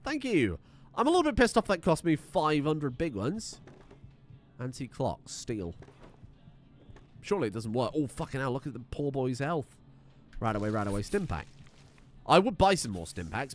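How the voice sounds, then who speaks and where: A British man commentating a game playthrough from his desk at home, joking and swearing as he goes. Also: a little high. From United Kingdom. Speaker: gaming streamer. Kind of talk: let's play commentary.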